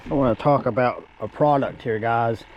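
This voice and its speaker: Southern male fishing vlogger, folksy and chatty, outdoor recording with steady noise. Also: mid-range voice, moderate pace, dull audio. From Tennessee. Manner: folksy, says y'all often. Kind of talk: casual on-camera chat. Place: small boat on a river, outdoors.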